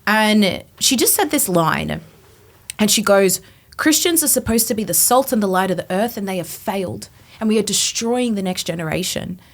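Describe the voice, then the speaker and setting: A woman in her twenties, a podcast guest, telling her personal testimony in an animated way, acting out her past thoughts. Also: mid-range voice, moderate pace. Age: 20s.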